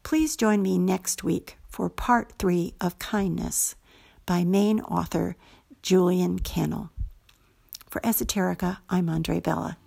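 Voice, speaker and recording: Gravelly-voiced woman reading a story aloud. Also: lowish voice, fairly even intonation, slow pace, warm tone. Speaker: host and story reader. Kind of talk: scripted story narration.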